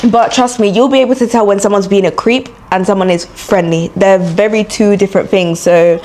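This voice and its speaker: A woman's voice: mid-range voice, steady tone, a little fast, darkish tone. A young woman with a London accent chatting frankly through a get-ready-with-me vlog, filling her talk with "like" and "you know". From London, England. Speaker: beauty and travel vlogger. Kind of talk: get-ready-with-me casual chat. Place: indoors while travelling.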